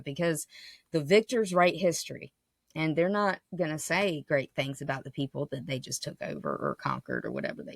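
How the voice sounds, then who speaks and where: A woman's voice: lowish voice, fairly bright tone, no echo, clean studio sound. A woman hosting a podcast, talking in a passionate, casual monologue that keeps checking in with "right?". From United States. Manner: passionate, frequent "right?" tags. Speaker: podcast host.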